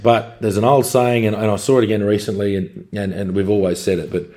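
Casting: man, low-ish mellow voice, quick relaxed podcast co-host. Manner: relaxed, plain-spoken, many short agreements. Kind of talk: casual podcast chat.

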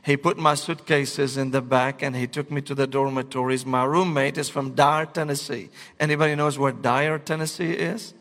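Pastor telling a funny story. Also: male voice, mid-range voice, normal speed, hardly any pauses. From Syria. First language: Arabic. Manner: animated, comic storytelling to a congregation. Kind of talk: sermon with humorous storytelling. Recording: long reverb of a large hall.

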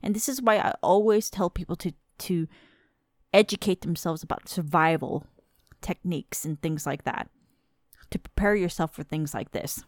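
A woman in her thirties hosting a podcast, ranting in a casual, exasperated and profane way, with sharp emphatic bursts. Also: lowish voice, moderate pace, no room sound, clean studio sound. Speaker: podcast host. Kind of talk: casual rant.

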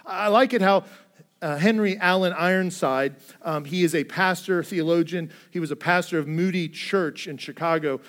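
Male pastor, high-pitched, earnest sermon delivery shifting from hushed to emphatic. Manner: earnest preaching, swinging between hushed and emphatic.

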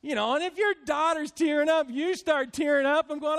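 A man in his fifties, a pastor addressing his church congregation in a heartfelt, halting way, choked up with emotion. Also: very high voice, fairly even intonation, fairly bright tone.

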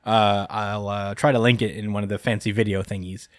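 A man's voice: on the low side, flat delivery, a little fast, no room sound, studio quality. A man hosting a podcast, recapping a chapter in a casual, rambling way with frequent laughs. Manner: rambling, lots of ums and laughs. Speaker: podcast host.

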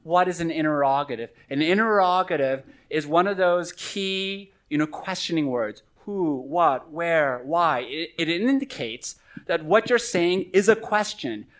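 A man's voice: fairly high pitch, animated, measured pace. Earnest man preaching a conversational sermon. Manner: conversational, earnest teaching with asides. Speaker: pastor.

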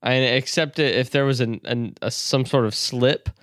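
A man's voice: mid-range voice, fairly even intonation, moderate pace, a bit bright, no echo, studio quality. A man, co-hosting a podcast in crude, joking casual banter. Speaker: podcast co-host. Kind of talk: casual chat.

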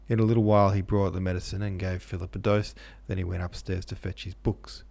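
A man reads a classic novel aloud as a podcast host. His voice is low and gravelly with frequent fry. The delivery stays steady and measured. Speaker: podcast host and audiobook narrator. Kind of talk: scripted narration of a classic novel.

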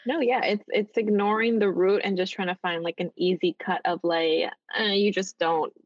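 A woman teacher talking casually as a podcast guest, chatty and full of fillers, lively when she retells her students' words. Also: medium pitch, moderate pace, lo-fi sound. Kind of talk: casual interview chat.

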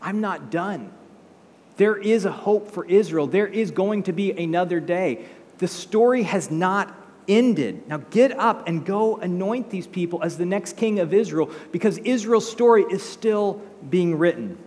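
A man's voice: mid-range voice, big pitch swings, moderate pace, in a large hall. A man voicing God as a patient male figure who keeps asking probing questions and gives firm reassurance. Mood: reassuring.

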